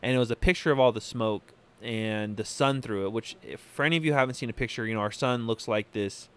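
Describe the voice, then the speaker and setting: A man hosting a podcast from California, giving opinionated solo commentary in a halting way, full of fillers and restarts. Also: medium pitch, fairly bright tone, clear, resonant tone. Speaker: podcast host.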